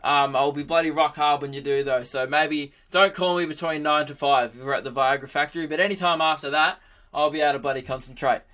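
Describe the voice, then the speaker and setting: A man's voice: a little high, fairly even intonation, fairly quick, bright, forceful tone. A man voicing a flustered male HR manager who speaks in a casual, matter-of-fact way. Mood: offhand.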